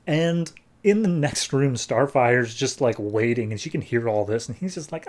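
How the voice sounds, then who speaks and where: A man's voice: medium pitch, lively intonation, moderate pace, darkish tone. A man hosting a podcast who retells a comic plot in a rambling way, full of "like". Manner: rambling, filler-heavy retelling. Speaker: podcast host. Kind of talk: casual comic book recap.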